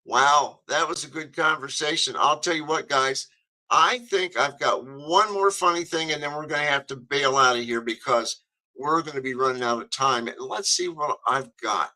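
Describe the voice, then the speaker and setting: A man's voice: a little high, moderate pace, bright, forceful tone, low-quality recording. A man hosting a talk radio show, rambling and chatty with many fillers.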